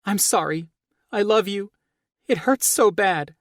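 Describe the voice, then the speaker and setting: A male audiobook narrator voicing a frantic, sharp-tongued woman in labor, with a high-pitched, strained squeal. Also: a little slow, no room sound, clean studio sound. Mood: panicked pleading. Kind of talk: audiobook character voice.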